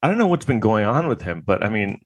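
A man's voice: fairly low pitch, very animated, fast talker, dry recording, muffled recording. A man delivering a comedic monologue in a crude, sarcastic, rambling way, full of fillers and restarts.

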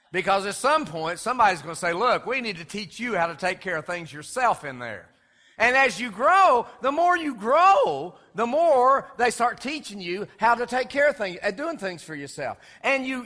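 A man's voice: sits high, pushed and bright, big-room sound. A man preaching a sermon in folksy storytelling style, imitating crying babies and drawing the congregation in. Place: church sanctuary.

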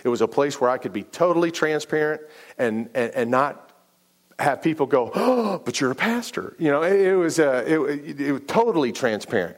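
A man's voice: mid-range voice, a little fast. A middle-aged man, a pastor, telling a personal story in a sermon, stumbling over restarts and acting out the dialogue. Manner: animated and repetitive, many restarts, acts out dialogue.

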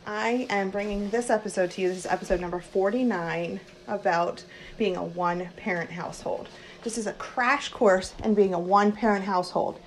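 A woman hosting her own podcast, talking casually from her home kitchen, with lots of likes and quick self-corrections. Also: mid-range voice, a little hiss or hum, poor audio. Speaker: podcast host and social worker.

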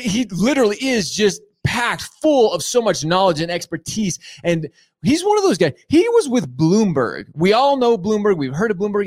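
A male host runs a live business show with hyped energy and lots of restarts. His fairly high voice swoops up and down, and the sound is close and dry. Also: no room sound. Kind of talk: enthusiastic live show hosting.

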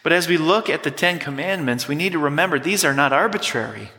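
A man's voice: on the high side, expressive, fast talker, sharp tone. A man preaching a sermon as pastor, emphatic and teaching, leading the congregation in repeating words. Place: church sanctuary. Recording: long hall reverb.

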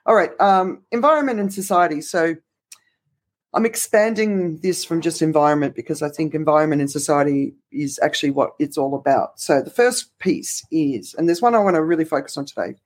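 A man's voice: on the high side, brisk. A man co-hosting a podcast, giving a casual roundup of news with lots of fillers and restarts. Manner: rambling, many restarts and fillers. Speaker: podcast co-host.

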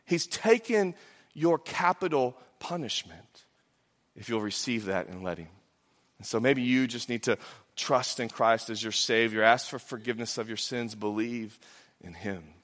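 A man preaching a sermon as pastor. He swings between loud emphatic peaks and soft, hushed drops. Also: medium pitch, lively intonation, a little slow, big-room sound.

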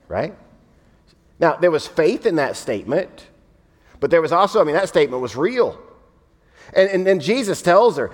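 A male pastor delivers a conversational sermon, animated and prone to repeating himself. His voice sits a little high. The sound carries a long reverb from a large church hall. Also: normal speed. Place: church hall with in-room and online audience.

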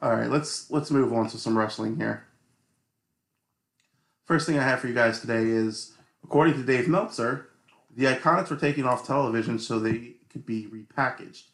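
A man co-hosting a casual podcast, telling an animated, exasperated story about a customer. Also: mid-range voice, moderate pace, gravelly, roomy sound. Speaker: podcast co-host. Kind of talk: casual chat.

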